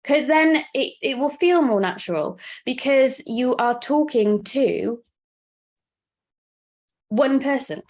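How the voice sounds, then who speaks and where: Welsh woman coaching an online class, talks fast and chatty, fairly high voice. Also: darkish tone. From Wales. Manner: chatty, fast-talking, laughs often. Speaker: presenter and coach. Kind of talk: live online workshop teaching.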